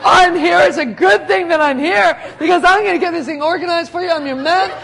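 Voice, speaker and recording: A woman's voice: very high-pitched, a little fast, vocal fry, pitched above the performer's own voice, heavily acted. A woman playing a brash, boastful apostle. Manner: loud, eager, laughing bravado.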